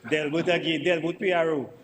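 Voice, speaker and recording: A man's voice: fairly high pitch, fairly even intonation, a little fast, long reverb tail, heavy background noise. Emphatic Dominican man in parliament. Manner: emphatic, repeats himself for stress. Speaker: member of parliament. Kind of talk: parliamentary debate speech. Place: parliament chamber.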